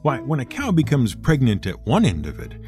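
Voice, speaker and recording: A man's voice: mid-range voice, huge pitch swings, fairly quick, darkish tone, faint music behind. A man voicing a cheeky young male folk hero who answers with mock politeness. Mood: mock-polite.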